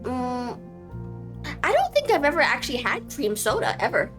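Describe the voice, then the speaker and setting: A woman's voice: high voice, wildly swooping pitch, normal speed, over music. Goofy, rambling young woman streamer. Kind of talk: casual game commentary.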